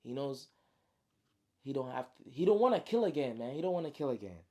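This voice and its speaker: A man's voice: medium pitch, very animated, brisk, mellow. Slangy man telling a story. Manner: slangy, full of spoken sound effects. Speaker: storyteller, author. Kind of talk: casual storytelling.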